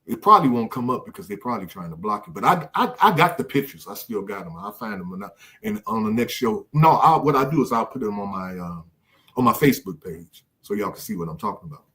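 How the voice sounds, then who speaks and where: An older man hosts a podcast, talking casually and with animation, often repeating words while he hunts for a thought. His voice sits lowish, fast and fairly bright.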